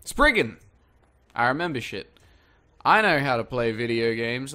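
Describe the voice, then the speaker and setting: A man's voice: medium pitch, big pitch swings, a little slow, long pauses, bright, forceful tone. Swearing, rambling male gameplay commentator. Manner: rambling, jokey, heavy swearing. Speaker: gaming channel host. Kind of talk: let's play commentary.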